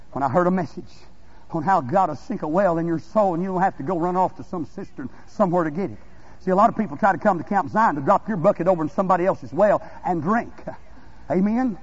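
High, husky preacher man, lo-fi. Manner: swings from conversational asides to shouted, drawn-out exhortation. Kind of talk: revival sermon.

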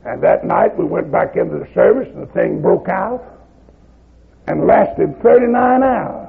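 Old southern preacher guy telling revival stories, real gravelly rough voice, gets shouty, sounds like an old phone-line tape. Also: high voice, sing-song, a little slow. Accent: Southern American. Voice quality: gravelly, husky voice. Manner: rhythmic, rising to shouts at climaxes. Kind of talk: revival sermon storytelling.

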